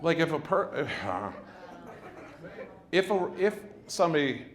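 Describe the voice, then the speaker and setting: A male stand-up comedian doing loud, teasing crowd work on a club stage. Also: fairly high pitch, very animated, measured pace. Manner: loud, brash, teasing the audience. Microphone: handheld stage mic. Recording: live club with crowd laughter. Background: audience laughter.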